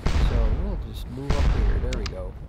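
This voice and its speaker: A man's voice: medium pitch, moderate pace, heavy background noise. A man giving casual let's play commentary, rambling and self-deprecating with many fillers, over game audio. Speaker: gaming YouTuber. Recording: game music and battle sounds behind.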